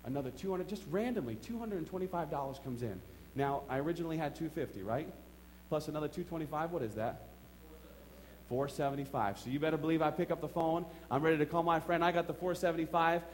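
A middle-aged man preaching a sermon in a church, telling a personal story with emphatic swings between quiet asides and excited outbursts. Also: on the high side, fast talker, a little hiss or hum. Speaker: pastor.

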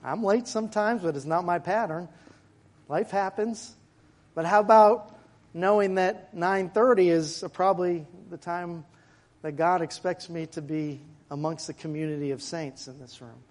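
A man preaching a sermon to his congregation in a church, in a conversational way with asides and quick jokes. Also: high voice. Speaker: pastor. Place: church sanctuary.

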